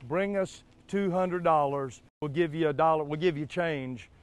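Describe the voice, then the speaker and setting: A man's voice: on the high side, normal speed, slight background noise. A man hosting a car dealership TV spot, pushing deals in a repetitive way, checking in with "all right?" and "okay?". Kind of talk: live car sales pitch. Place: car lot outdoors.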